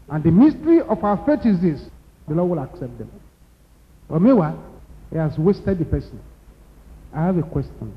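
A man with a Nigerian accent preaching a sermon, emphatic and repetitive, building to loud exclamations. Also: high voice. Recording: dull lo-fi recording in a reverberant hall.

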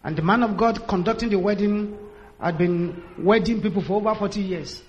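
A preacher with a high-pitched male voice delivers a sermon as a string of dramatic stories. He acts out the voices of the people in them and lets his words rise and fall. A faint hiss of noise sits behind him. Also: a little fast, dull audio. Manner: dramatic storytelling, acts out quotes, builds to shouted prayer. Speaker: pastor.

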